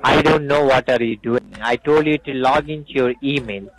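A man's voice: mid-range voice, steady tone, moderate pace, a little hiss or hum. A man in his forties on a phone call, insistently repeating instructions and turning rude. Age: 40s. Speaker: scam caller.

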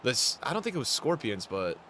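A young man giving live commentary on a football video game as he plays, swinging from mumbled asides to loud outbursts. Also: mid-range voice, sing-song, a little fast, slight background noise. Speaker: gaming streamer.

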